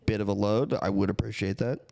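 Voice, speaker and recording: Deadpan male prank caller, earnest and rambling, slightly low pitch. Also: fast, creaky, noisy background. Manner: earnest and rambling, keeps a straight face.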